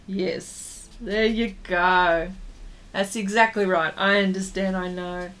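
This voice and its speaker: A woman talks viewers through her painting in an easy, unscripted livestream chat. Her voice sits at a middling pitch. She drifts between explaining her strokes and trailing off into fillers while she works. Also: steady tone, slow pace, a bit bright. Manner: chatty, reads viewer comments aloud and answers them. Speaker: artist hosting a livestream.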